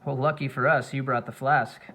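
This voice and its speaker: Fatherly veteran explorer, read by a man, relaxed, audiobook. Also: medium pitch, fairly quick. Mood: proud. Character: aging male adventurer anthropologist, warm and proud. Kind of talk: audiobook character voice.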